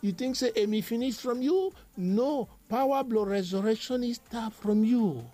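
A man's voice: very high-pitched, moderate pace, dark tone. A man delivering a devotional sermon, emphatic and repetitive in a chanting preaching rhythm.

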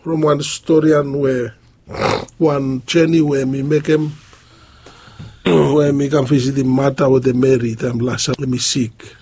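A man preaching a sermon, halting and pausing often. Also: mid-range voice, level tone, a little mellow, husky. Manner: halting, with many pauses and fillers.

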